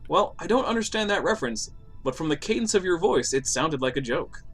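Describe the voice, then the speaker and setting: A young man talks through a gaming stream in a loose, joking, opinionated way. His voice sits a little high. Faint game music plays underneath. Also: lively intonation, a little fast, husky. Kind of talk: casual gaming stream chat.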